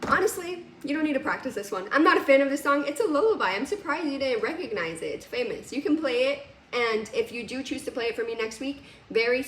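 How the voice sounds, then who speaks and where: A woman's voice: high-pitched, animated, fast talker, echoey room, recorded from a distance. A woman teaching a piano lesson on video, chatty and casual, laughing now and then. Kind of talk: recorded music lesson. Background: piano playing.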